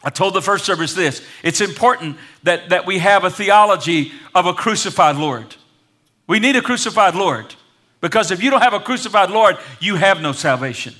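A man preaching a sermon to a congregation, calling for responses and building to loud peaks. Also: high-pitched, lively intonation, normal speed. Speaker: pastor. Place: church sanctuary.

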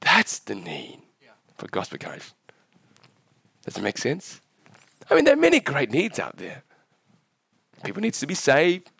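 A pastor in his forties, originally from Vietnam, preaches a sermon in church while sick and coughing. His husky, creaky voice swings hugely in pitch at a measured pace, with long pauses and no echo. Impassioned, he rises in pitch at climaxes and often puts questions to the congregation.

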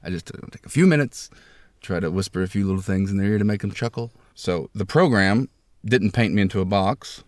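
A man's voice: low voice, fairly quick, darkish tone, no room sound. A young man hosting a homemade comedy podcast from a closet, rambling in a mock-grandiose way with lots of fillers. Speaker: podcast host.

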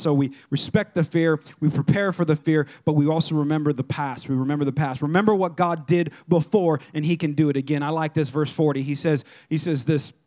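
High-voiced, animated male pastor preaching. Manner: animated, conversational preaching with acted-out quotes. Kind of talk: sermon.

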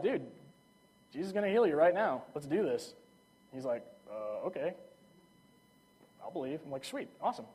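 A man's voice: a little high, darkish tone. Casual enthusiastic young male preacher. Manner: casual, enthusiastic storytelling with frequent "like". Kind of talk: sermon.

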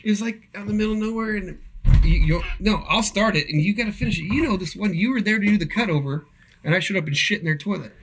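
A man's voice: high-pitched, quick pace, background noise. A young man telling a rambling, profane work story in a casual podcast chat.

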